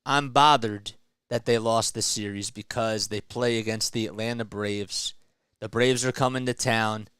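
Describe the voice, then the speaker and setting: A man hosts a solo sports show, ranting about his baseball team's losses with frustration and emphasis and addressing the manager directly. His medium-pitched voice is clear, resonant and a bit bright, captured in clean studio sound with no room sound.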